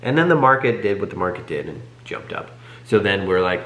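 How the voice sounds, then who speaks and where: A young man co-hosting a family channel, telling a story in casual chat with animated, self-correcting delivery. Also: on the low side, a little fast. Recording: echoey room.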